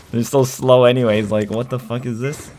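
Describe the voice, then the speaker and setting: Male gamer, mid-pitched, laughs and swears through his stories, over a noisy, hissing recording. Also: fairly even intonation, moderate pace, a little mellow. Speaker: gaming streamer. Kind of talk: casual gaming chat.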